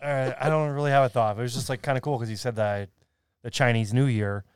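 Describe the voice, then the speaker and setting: A man's voice: medium pitch, fairly even intonation, fast, clean tone, no echo, studio quality. A man co-hosting a podcast in casual chat, rambling loosely through half-remembered facts and laughing often.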